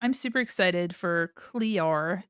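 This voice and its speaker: Her voice fairly low yet fairly bright and smooth, this woman speaks slowly as she draws on stream. She's playful, giggles and laughs a lot, and talks casually to her chat through a desk mic, the recording dry and studio-grade.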